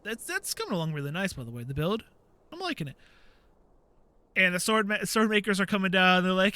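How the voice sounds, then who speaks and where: A man hosting a gaming channel, chatting casually while he plays and acting out quotes in a high voice. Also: expressive, fairly quick, pushed and bright, smooth. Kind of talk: casual commentary while playing.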